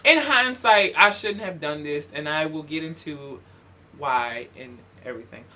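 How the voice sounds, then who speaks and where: Bright-voiced, sassy young man. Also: on the high side. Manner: animated, profane, sassy storytelling. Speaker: YouTuber. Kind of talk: casual storytime vlog.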